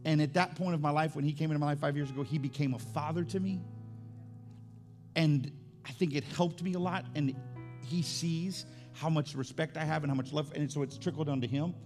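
A man preaching a sermon in a conversational, testimony style. He often repeats words as he builds up, and he climbs higher and louder when stirred. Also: fairly even intonation, fairly quick, soft background music. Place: church service.

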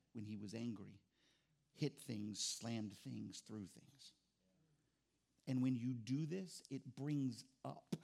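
A pastor preaching a sermon, animated and acting out little dialogues, moving from loud bursts to quiet, low reflection. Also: male voice, creaky. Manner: animated, acts out voices and dialogue. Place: church sanctuary.

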